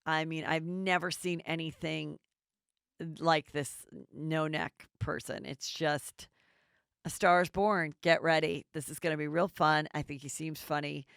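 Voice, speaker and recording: A woman's voice: sits low, steady tone, a little slow, gravelly, a bit bright, smooth, dry recording, studio quality. A woman hosting a gossip podcast, chatting bluntly and casually and swearing freely. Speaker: podcast host.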